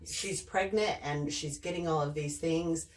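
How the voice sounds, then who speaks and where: A woman's voice: sits low, fairly even intonation, measured pace, distant mic. A woman co-hosting a channel who chimes in with short, sympathetic remarks in casual conversation. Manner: sympathetic, chiming in briefly. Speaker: channel co-host.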